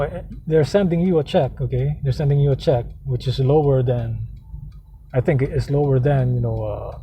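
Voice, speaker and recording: A man's voice: mid-range voice, noisy background. A man ranting angrily in a vlog monologue, swearing and repeating himself. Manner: angry, profane, repetitive. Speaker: vlogger.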